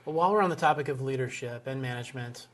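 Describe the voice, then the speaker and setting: A man's voice: mid-range voice, rapid-fire, a bit bright. A man hosting an interview, asking enthusiastic, curious questions. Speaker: interview host.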